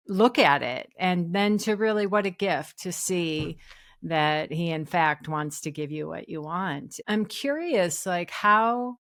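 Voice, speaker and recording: A woman's voice: on the low side, fairly bright tone. A woman hosting an interview, reflecting aloud on her guest's story and asking follow-up questions. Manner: reflective, thinks aloud with fillers. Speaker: podcast host. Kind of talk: interview conversation.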